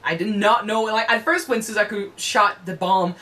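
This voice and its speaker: A woman hosting an anime reaction chat, animated, swearing freely and restarting her sentences. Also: mid-range voice, moderate pace, rough recording.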